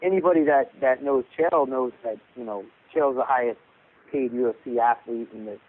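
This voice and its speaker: A man's voice: mid-range voice, normal speed. A man, a boxing coach and podcast guest, telling a rambling story over the phone, repeating words and acting out what others said. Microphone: phone call. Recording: tinny phone line.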